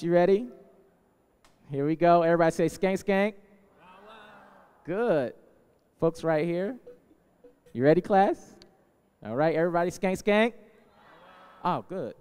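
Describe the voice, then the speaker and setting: A man, a musician, warming up a crowd with call-and-response chants, energetic and playful as he hypes them up. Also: sits high, smooth. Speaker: musician leading the audience. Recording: long hall reverb.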